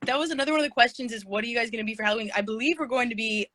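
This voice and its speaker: A woman's voice: a little high, very fast, sharp tone, poor audio. A woman hosting a casual livestream chat on her phone, giggly and a little scattered as she reads out fan questions. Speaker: livestream host. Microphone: phone video stream.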